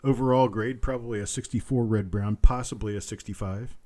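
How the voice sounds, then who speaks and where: A man with a low voice runs a live coin auction, repeating each bid in a steady calling rhythm. His tone is mellow and dark, a little rough tonight, and he breaks off into relaxed, joking asides before going back to calling bids. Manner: repetitive rapid bid calling, chatty asides. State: slightly rough voice. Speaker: auctioneer and host.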